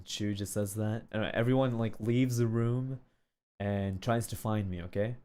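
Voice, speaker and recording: A man streaming casually, telling a story with animated shouted sound effects and frequent filler check-ins. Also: on the low side, measured pace.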